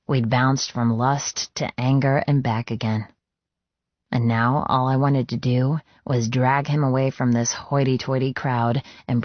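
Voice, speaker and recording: A man narrates an audiobook in a measured, even and intimate way, taking his time. The sound is dry and close, with a muffled, lo-fi tone. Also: mid-range voice, no echo. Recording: dull, lo-fi dry studio read.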